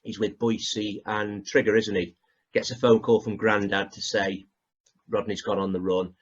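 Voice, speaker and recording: A man's voice: fairly low pitch, little pitch movement, a little slow, husky, lo-fi sound. A man hosting a podcast, chatting casually as he retells favourite comedy scenes, with fillers and self-corrections. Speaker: podcast host.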